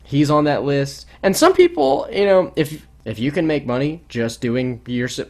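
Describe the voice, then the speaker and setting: A man co-hosting a podcast in casual chat, rambling and animated with many restarts. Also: a little high, moderate pace. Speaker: podcast co-host.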